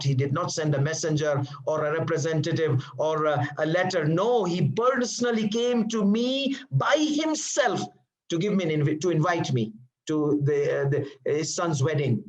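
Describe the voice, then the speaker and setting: Guru pria beraksen Asia Selatan, suara agak tinggi. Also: male voice, on the high side, poor audio. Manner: drills students with questions and answers himself; repeats terms patiently, many fillers. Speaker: Arabic grammar teacher. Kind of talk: classroom lecture.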